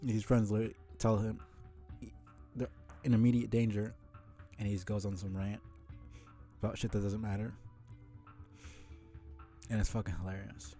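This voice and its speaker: Low, mellow man streaming a reread. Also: little pitch movement, normal speed, long pauses, soft background music. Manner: casual, swears freely, laughs often. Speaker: streamer reading a webcomic aloud. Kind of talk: casual reading and commentary.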